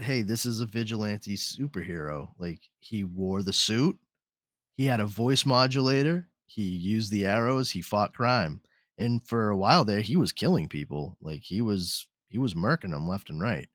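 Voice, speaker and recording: A man's voice: on the low side, unhurried, no echo, clean studio sound. A man hosting a podcast in casual chat, rambling and swearing freely. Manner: rambling, profane, animated. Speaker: podcast host.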